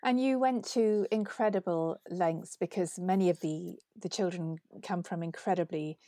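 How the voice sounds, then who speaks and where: Low, mellow-voiced woman interviewer. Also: no room sound. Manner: measured, lists examples before asking. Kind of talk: interview questions.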